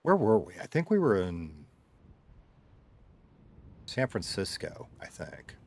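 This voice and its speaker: A middle-aged streamer with a Southern US accent reads chat and talks casually with a live audience, joking and rambling through stories as his drawl grows heavier and lighter. His low, slightly mellow voice is slow and creaky with huge pitch swings, over slight background noise.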